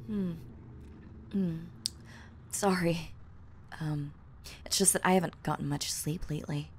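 A young woman playing an obsessive girl who has kidnapped her crush, giggling, teasing and dropping into soft whispers, in an audio role-play. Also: low voice, slight background noise. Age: young adult. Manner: breaks off to fix her own lines. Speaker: voice actress.

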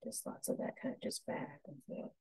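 A woman teaching a painting lesson, giving soft, unhurried step-by-step instructions. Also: no room sound, poor audio.

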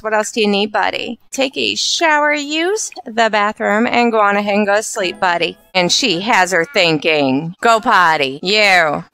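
A woman's voice: medium pitch, pushed and bright, smooth. A woman hosting gameplay commentary, bossing and scolding the characters in her game. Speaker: let's play host.

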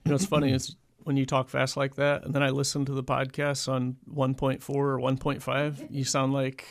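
A man's voice: medium pitch, completely flat delivery, normal speed, gravelly. A man chatting casually in a radio studio about finances.

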